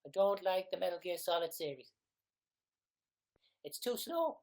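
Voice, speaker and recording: A man's voice: high voice, big pitch swings, a little slow, darkish tone, voice pushed up, full character voice. A man voicing a sheepish young male gamer confessing to a priest in an improvised comedy sketch. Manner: sheepish, apologetic.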